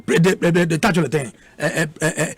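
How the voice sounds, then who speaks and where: A man's voice: on the high side, quick pace, a little hiss or hum. A man with a Ghanaian accent, arguing heatedly as a guest in a radio debate, combative and repeating words for emphasis.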